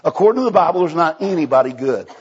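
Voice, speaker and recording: Male evangelist, husky slightly high voice, folksy storytelling sermon, dull lo-fi recording. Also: animated, quick pace. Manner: folksy, repeats and restarts, acts out dialogue. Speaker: evangelist preacher.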